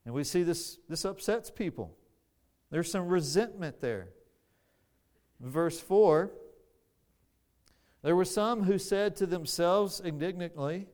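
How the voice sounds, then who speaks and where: Guy preaching a sermon, kinda high voice, takes it slow, repeats himself a lot. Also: animated, darkish tone. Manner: earnest, repeats words while searching for phrasing.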